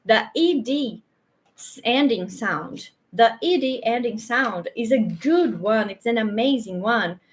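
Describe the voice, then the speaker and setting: Brazilian lady teaching english pronunciation, kinda high voice, talks real slow, keeps saying okay?. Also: animated. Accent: Brazilian Portuguese. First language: Portuguese. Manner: chatty, slow and repetitive, frequent "okay?" checks. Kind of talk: casual online pronunciation lesson. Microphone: handheld or clip microphone, sometimes moved away.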